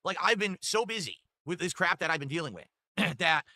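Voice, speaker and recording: A man's voice: high-pitched, brisk. A man livestreaming from his home room, rambling and cursing as he thanks donors in casual chat. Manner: rambling, profane, animated thank-yous. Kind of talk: casual stream chat reading donations. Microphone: desktop USB mic.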